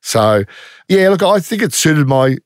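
A middle-aged Australian man who was once an undercover police officer tells stories in a casual interview, blunt, matter-of-fact and full of slang. His higher voice is very animated at a measured pace, recorded dry with clean studio sound.

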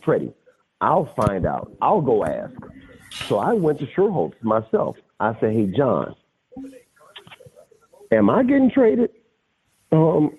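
A man in his fifties, a podcast guest, telling stories in a casual, animated way, often laughing and repeating phrases. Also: fairly low pitch, a little hiss or hum. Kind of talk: casual storytelling. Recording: phone-like lo-fi audio.

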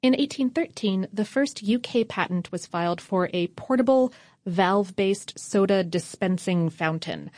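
A woman's voice: medium pitch, a little slow, a little mellow, no echo, clean studio sound. A woman co-hosting a casual history podcast, reading out facts with wry offhand asides. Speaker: podcast co-host.

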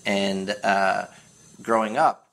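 A man's voice: fairly low pitch, flat delivery, takes it slowly, creaky, a bit bright. A middle-aged American man, a podcast guest, rambling through anecdotes and acting out voices as he tells them. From United States. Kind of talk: casual podcast chat.

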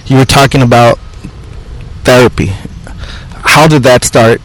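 A man's voice: mid-range voice, fairly even intonation, unhurried, fairly bright tone, rough recording. A man hosting a podcast, talking bluntly and casually with lots of "like" and "you know". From Mexican-American. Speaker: podcast host. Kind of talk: casual conversation.

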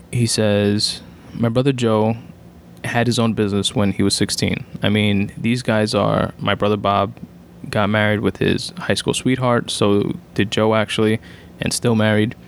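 A man with a low, gravelly voice reads out podcast quotes in a loose, casual way. He swears freely and stumbles through fillers between lines. A faint hum of ambience sits behind him. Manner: profane, offhand, with filler words. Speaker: podcast host reading quotes. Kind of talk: casual reading of podcast excerpts.

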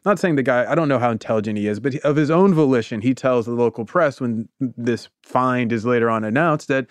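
A man in a mid-range voice tells a story in a relaxed podcast chat. He keeps the energy up and slips into quick impressions of the characters. The sound is close and dry, with no room around it. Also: mid-range voice, no echo. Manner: animated, acts out quotes. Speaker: podcast host.

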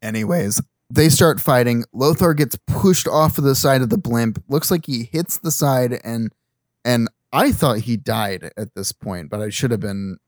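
A man's voice: medium pitch, unhurried, no echo. Laid-back man recapping a movie. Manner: laughs easily, adds plot points with casual fillers. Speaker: podcast co-host. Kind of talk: casual movie recap chat.

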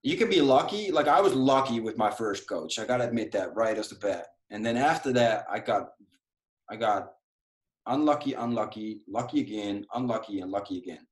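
A man from Europe, a guest on a podcast, telling his story in a candid, animated way at home and often tossing in "dude" and "right?". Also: lowish voice, normal speed, roomy sound. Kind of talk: casual storytelling. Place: home room.

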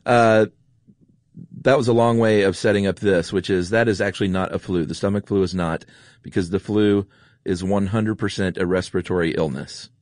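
A man's voice: low-pitched, steady tone, normal speed, darkish tone, dry recording, studio quality. A man, chatting casually as a podcast co-host and telling jokey stories. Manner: laid-back, jokey storyteller. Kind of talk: casual conversational chat.

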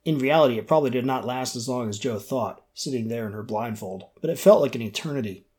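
A male audiobook narrator reading a novel in a steady, measured voice. His pitch sits at an ordinary middle for a man, and his delivery stays even and unhurried. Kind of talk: scripted narration.

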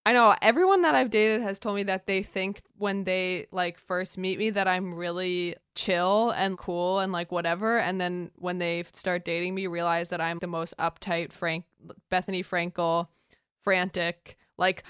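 Woman chatting, bright smooth voice, pokes fun at herself, talks fast. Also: lowish voice, steady tone, no echo, clean studio sound. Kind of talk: casual podcast chat.

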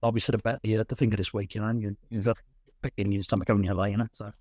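Rambling man, low dry voice. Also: little pitch movement, racing, a little mellow, dry recording. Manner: rambling, restarts often, tells anecdotes. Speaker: coaching client. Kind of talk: casual chat on a call.

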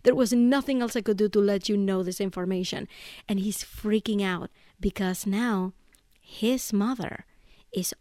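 A woman's voice: mid-range voice, darkish tone, dry recording, clean studio sound. A woman in her thirties hosting a podcast, talking casually on her own and telling a story, often checking in with "right?". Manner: chatty storyteller, keeps asking "right?". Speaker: podcast host. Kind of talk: casual solo monologue.

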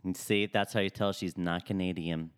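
Joking man with a smooth low voice. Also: fairly even intonation, moderate pace, no echo, clean studio sound. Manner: joking, teasing banter. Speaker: podcast co-host. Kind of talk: casual chat.

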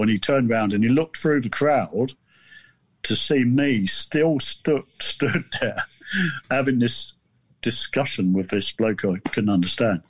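In a relaxed chat, a southern English man, here as a guest author, rambles through a story with halting restarts and self-deprecating humor. His pitch is medium, and the recording carries no room sound.

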